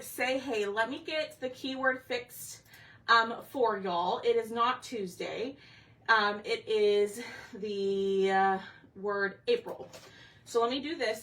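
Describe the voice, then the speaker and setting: A woman's voice: fairly high pitch, bright, forceful tone, far from the mic. Breathless chatty woman livestreaming. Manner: chatty, scattered, addresses viewers as y'all. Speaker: craft livestream host. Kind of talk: casual livestream chat. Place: home craft room.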